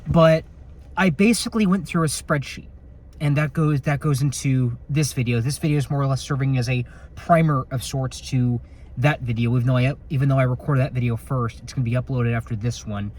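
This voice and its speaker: This is a casual night-patrol vlog shot on a phone in the car by a male security officer. His mid-range voice is fairly even and a bit dark, moving fairly quickly as he rambles, jokes and swears now and then.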